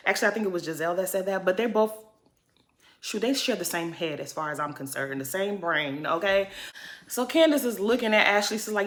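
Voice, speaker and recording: A woman's voice: medium pitch, expressive, fairly quick, a bit bright. A woman giving a casual, blunt and sassy recap of a reality show, with plenty of cursing.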